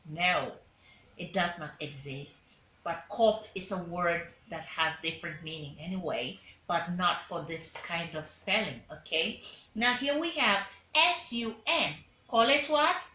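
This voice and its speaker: A woman's voice: lowish voice, unhurried, bright, forceful tone, roomy sound, slight background noise. A woman teaching a pronunciation lesson, drilling vowel sounds and having learners repeat words back to her. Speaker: diction teacher. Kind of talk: pronunciation lesson, call and response.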